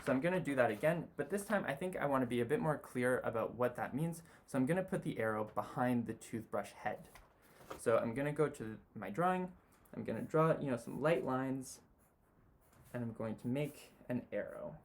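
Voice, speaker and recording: A man walks through a sketch step by step as he draws, relaxed and unhurried. His voice sits in an ordinary middle pitch, and his talk is loose and full of small fillers. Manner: relaxed, talks while drawing, many "you know" fillers. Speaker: design tutor. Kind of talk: sketching demonstration.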